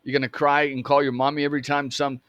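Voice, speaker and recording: A man acting out an angry, mocking middle-aged father who swears and belittles his son. His voice sits at a middling pitch. The sound is dry and close. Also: flat delivery, fast, a bit bright, clear, resonant tone, dry recording, lightly acted. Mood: scornful. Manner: harsh, mocking, profane.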